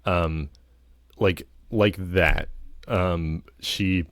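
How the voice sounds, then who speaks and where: Low, slow-talking man. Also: dry recording, studio quality. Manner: rambling, lots of fillers and hedges. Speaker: vlogger. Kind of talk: casual film review.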